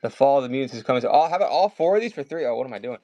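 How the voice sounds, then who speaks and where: A man's voice: medium pitch, expressive, mellow, no room sound, dull audio. A man with a Maryland accent hosting a casual live sale of comics, chatting and calling out bids. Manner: chatty, rambling, calls bids fast. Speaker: livestream seller. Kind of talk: casual live auction chat.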